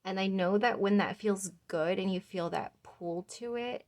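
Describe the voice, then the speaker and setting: A young woman with a slightly low voice reads tarot cards for her viewers. She talks in a gentle, reassuring way and rambles, with lots of fillers. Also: gravelly. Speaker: tarot reader. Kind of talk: pick-a-card tarot reading.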